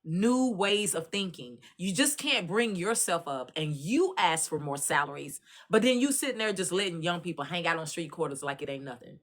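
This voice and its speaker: Bright-voiced Texan woman telling stories. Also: on the low side, moderate pace, hardly any pauses. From Dallas, Texas. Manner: animated storytelling, addresses listeners directly. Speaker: commentary host. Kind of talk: casual commentary monologue.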